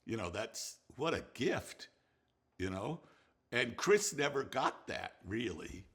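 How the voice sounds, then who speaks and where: An older man, a film director, telling anecdotes in an animated, laughing way with many restarts. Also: mid-range voice, slow pace, husky. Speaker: film director recalling a colleague. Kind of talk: anecdotal storytelling.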